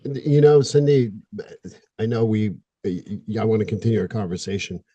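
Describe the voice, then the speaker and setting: Low, mellow, blunt man host. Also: moderate pace, dry recording, muffled recording. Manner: blunt, jokey, real-talk. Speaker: podcast host and therapist. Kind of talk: casual interview chat.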